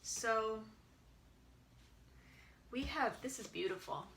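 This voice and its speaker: A woman giving a pick-a-pile tarot reading, musing gently and searching for words with many ums. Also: on the high side, expressive, slow, slight background noise. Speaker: tarot reader.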